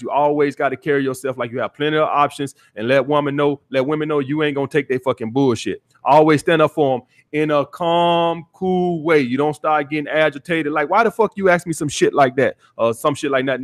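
Blunt, profane man ranting dating advice. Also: on the high side. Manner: blunt, profane, preachy, repeats "all right". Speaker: podcast host, dating coach. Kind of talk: call-in podcast advice rant.

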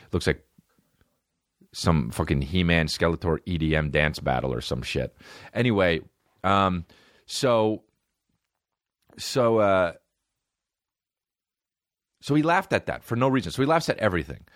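Rambling, profane man, lively delivery. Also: deep voice, a little slow, long pauses, no room sound, studio quality. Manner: profane, rambling storytelling with frequent fillers; laughs often while talking. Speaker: podcast host. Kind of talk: casual comedic monologue.

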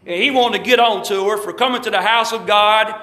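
A man's voice: high voice, fairly quick, pushed and bright, roomy sound. A man preaching a sermon with emphatic repetition and calls to the congregation. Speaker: pastor. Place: church sanctuary.

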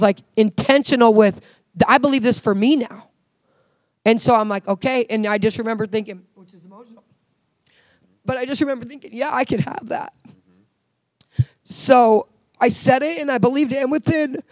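A woman's voice: fairly high pitch, a little mellow, no echo. A woman sharing a heartfelt personal faith testimony in conversation, earnest and full of "like" fillers.

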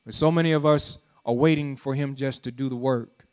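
A man preaching a sermon as pastor, repeating lines with rising emphatic calls and dropping low and soft between them. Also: fairly even intonation, a little fast, smooth.

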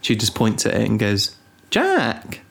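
A man's voice: on the low side, measured pace, vocal fry. Rambling, teasing guy. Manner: rambling, teasing, deadpan asides. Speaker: podcast co-host. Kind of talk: casual chat.

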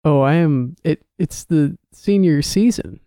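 A college-age man co-hosting a podcast, talking casually and relaxed, often repeating a word as he starts a sentence, recorded on a home microphone. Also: on the high side, measured pace, dry recording, clean studio sound. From Chicago area. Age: early 20s. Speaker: podcast co-host. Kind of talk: casual chat.

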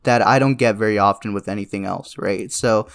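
Gravelly and fairly low, this young man's voice moves briskly as he co-hosts a casual late-night podcast. He came to Canada young, and he rambles, swears without restraint and laughs frequently.

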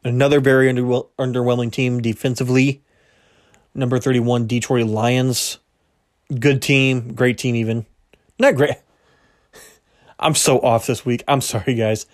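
A man's voice: mid-range voice, fairly even intonation, measured pace, pauses often. Casual young man, slightly strained voice. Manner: casual, rambling, self-correcting, laughs at himself. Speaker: podcast host. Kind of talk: solo sports podcast power rankings.

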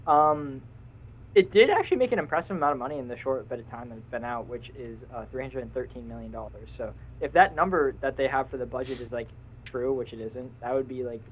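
A man's voice: mid-range voice, fast talker, muffled recording, a little hiss or hum. A young man co-hosting a casual podcast, rambling and cutting himself off, laughing often. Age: young adult. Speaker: podcast co-host. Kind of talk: casual chat.

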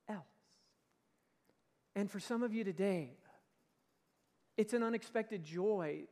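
A man preaching a sermon as pastor, emphatic, swelling and easing in force. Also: high-pitched. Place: church sanctuary. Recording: long reverb of a large church hall.

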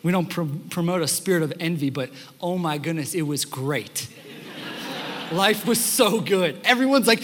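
A young man preaches from a church stage, telling lively stories and slipping into the voices of the people he quotes. His voice sits high and sounds bright and forward. A long hall reverb trails behind each phrase. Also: moderate pace. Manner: animated storytelling, acts out quotes. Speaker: pastor. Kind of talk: sermon. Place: church sanctuary.

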